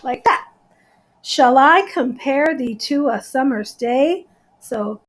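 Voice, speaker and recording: A woman's voice: high voice, slow pace. A woman teacher giving a recorded lesson, explaining step by step and counting out syllables.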